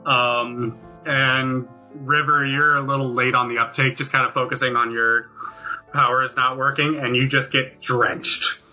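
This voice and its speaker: Slow, bright-voiced man game master. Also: medium pitch, flat delivery. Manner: halting, with many ums and uhs. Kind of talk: narrating a tabletop game. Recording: dull lo-fi audio with faint music.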